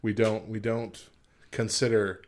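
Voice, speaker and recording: A man's voice: on the low side, level tone, unhurried. A man co-hosting a morning radio show, reading news and articles aloud and chatting loosely with a frequent laugh. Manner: laughs often, reads aloud then riffs loosely. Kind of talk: casual radio chat and reading.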